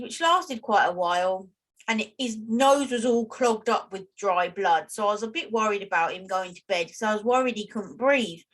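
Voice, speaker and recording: A British woman co-hosting a podcast, telling a story in a chatty, animated way over a remote call. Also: on the high side. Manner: chatty, animated, self-deprecating. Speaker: podcast co-host. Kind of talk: casual chat, storytelling. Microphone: remote call with lag.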